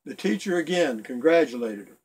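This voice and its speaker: A man's voice: on the high side, animated, a little fast, darkish tone, husky. A middle-aged man casually reading jokes aloud for his video blog, rambling a bit and chuckling at his own punchlines. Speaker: video blogger telling jokes.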